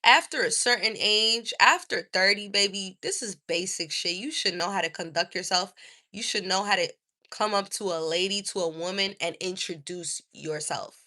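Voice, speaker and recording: A woman's voice: medium pitch, moderate pace, bright, forceful tone. A woman hosting a livestream, ranting in a sassy, profane and indignant way. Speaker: livestream host. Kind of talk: casual livestream rant.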